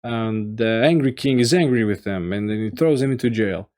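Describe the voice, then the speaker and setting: A man giving a casual solo review, rambling and halting with many fillers and restarts. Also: on the low side, a little mellow. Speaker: video game reviewer.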